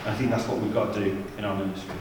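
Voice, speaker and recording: A man's voice: lowish voice, flat delivery, racing, darkish tone, a little hiss or hum. A man leading a church youth ministry seminar, telling stories in a chatty, humorous way with asides. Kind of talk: anecdotal church seminar talk. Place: large church hall. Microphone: distant from the mic. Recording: echoey church hall from far off.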